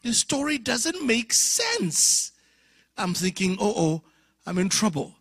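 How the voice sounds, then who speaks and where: A man in his fifties from Africa preaches in a storytelling style. He acts out the voices in his story and sometimes drops into whispers. His voice is a little high, bright and gravelly, with a husky edge and a dry close sound. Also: animated, moderate pace, no echo. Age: 50s. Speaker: guest preacher. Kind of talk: storytelling sermon. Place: church conference.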